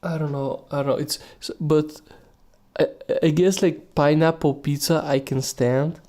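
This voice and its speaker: A man's voice: on the high side, steady tone, measured pace, darkish tone. A young man hosting a solo podcast, rambling casually with lots of swearing, restarts and laughing at himself. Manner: profane, meandering, laughs at himself. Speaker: podcast host.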